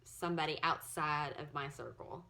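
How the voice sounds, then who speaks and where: A woman in her forties sharing her personal story in a halting, earnest way, at times close to tears. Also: low-pitched, vocal fry, pushed and bright. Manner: earnest, halting, emotional, often near tears. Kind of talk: personal testimony to camera.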